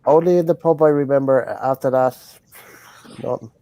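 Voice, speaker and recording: A man's voice: medium pitch, moderate pace, dark tone, low-quality recording. A man chatting casually on a group call in a laid-back manner. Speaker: caller.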